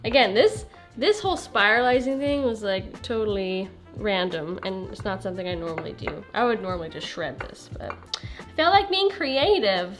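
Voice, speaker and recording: A young woman with a medium-pitched, animated voice narrates her cooking vlog at a moderate pace. Her voiceover is chatty and laid-back, she says "like" a lot, and faint music plays behind her.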